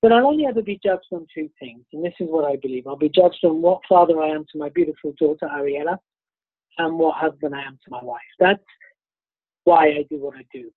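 His voice a little high and his delivery brisk, a British man gives a self-promoting, upbeat motivational presentation as a keynote speaker. He's a touch congested with the sniffles, and the thin, phone-like recording is dry with no echo.

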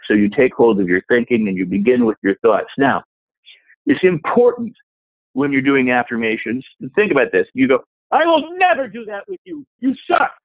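A man gives a motivational self-help talk, animatedly acting out the voices in your head. His mid-range voice has no echo and a tinny, phone-like radio sound.

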